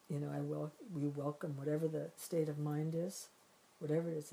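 Woman with a deep warm voice, gentle meditation teacher vibe, rephrasing as she goes. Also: level tone, normal speed, vocal fry, low-quality recording. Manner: gentle, reflective, repeats and rephrases while searching for words. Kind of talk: spiritual teaching talk.

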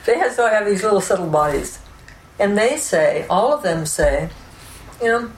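A woman giving an unscripted spiritual teaching, explaining ideas calmly and often checking in with "right?" and "you know". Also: medium pitch, measured pace, pauses often. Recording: roomy echo with faint background noise.

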